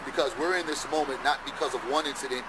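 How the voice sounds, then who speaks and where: A man giving a measured, insistent public statement in a news clip. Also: medium pitch. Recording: outdoor clip with traffic noise.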